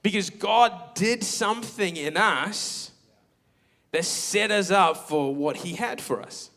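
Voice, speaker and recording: Young pastor guy, high voice, candid joking story in a sermon. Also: takes it slowly, bright, forceful tone. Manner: candid, self-mocking storytelling with quoted asides. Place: church auditorium.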